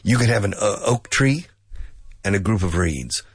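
A man's voice: fairly low pitch, lively intonation, moderate pace, breathy edge, dry recording, studio quality. A man hosting a casual radio English lesson, joking and laughing a lot, dropping Spanish phrases, and losing his voice. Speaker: radio host teaching English.

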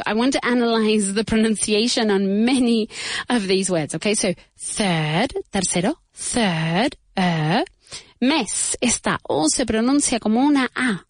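A woman teaching English pronunciation to beginners, saying each word slowly and repeating it. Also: a little high, dry recording, studio quality. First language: Spanish. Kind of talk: bilingual pronunciation lesson for beginners.

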